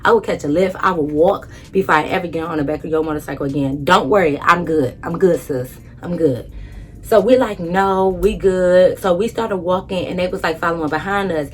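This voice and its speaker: A woman vlogger telling a story in a casual, animated, blunt way, swearing freely. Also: lowish voice, brisk.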